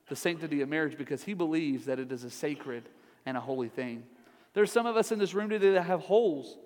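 A middle-aged man preaching a sermon in a church, joking with the congregation in a conversational way. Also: fairly high pitch. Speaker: pastor. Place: large church hall. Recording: reverberant church hall.

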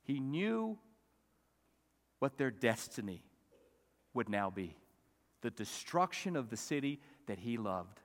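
A male pastor preaching a sermon, swinging from loud, emphatic peaks down to soft, quiet asides. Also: medium pitch, sing-song, takes it slowly, long pauses. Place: church sanctuary. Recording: long reverb of a church hall.

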